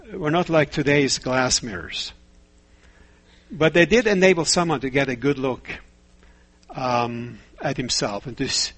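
A man preaching a sermon in a measured way, asking rhetorical questions and telling stories. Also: medium pitch, fairly bright tone, slightly rough.

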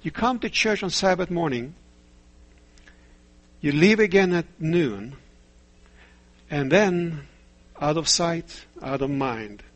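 A man preaching a sermon in a measured way, asking rhetorical questions and telling stories. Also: on the high side, fairly bright tone.

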